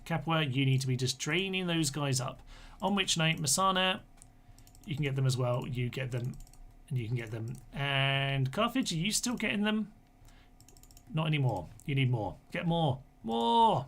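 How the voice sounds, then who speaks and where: A man talks his way through a strategy game on a live stream, in a relaxed and rambling manner. His voice sits at an ordinary middle pitch. He drifts into chatty, self-mocking asides as he goes. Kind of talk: casual live-stream commentary.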